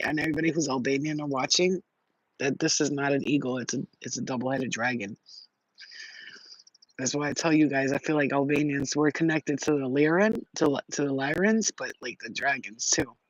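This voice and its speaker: Slangy, animated woman on a dull recording. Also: sits low, fairly quick, no room sound. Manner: animated, slangy, swears, laughs often, many "you know what I'm saying". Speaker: spiritual channel host. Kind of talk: casual livestream chat.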